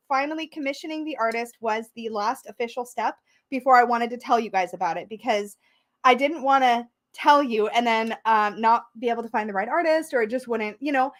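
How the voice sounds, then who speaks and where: Excited, tearful woman livestream host. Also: high voice. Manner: excited, emotional, laughing often. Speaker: tarot channel host. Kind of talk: livestream chat.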